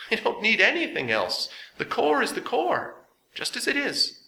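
Man voicing a squeaky, bright little robot bureaucrat for an audiobook, echoey room. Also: huge pitch swings, normal speed, creaky, exaggerated voice. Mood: knowing. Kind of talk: audiobook character voice.

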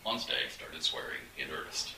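A man narrating a fantasy adventure audiobook in an animated, dramatic storytelling manner. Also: extremely low pitch, moderate pace. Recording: echoey room, distant mic, faint hiss.

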